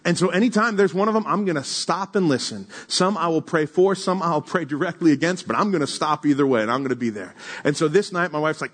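A man preaching a sermon, telling a story with lively acted-out quotes and then reading scripture to the congregation. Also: on the high side, quick pace, few pauses, slightly rough. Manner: animated storyteller, acts out quotes. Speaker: pastor.

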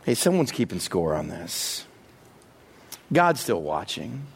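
Male preacher, playful and animated, pitch jumps around a lot. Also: takes it slowly, gravelly, slightly rough. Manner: animated, joking, acts out little voices. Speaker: pastor. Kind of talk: sermon.

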